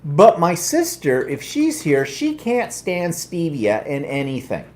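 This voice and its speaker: A man's voice: on the high side, huge pitch swings, slow, a little mellow. A middle-aged man with a Canadian accent, hosting a casual, rambling live chat with a self-mocking humor. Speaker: host.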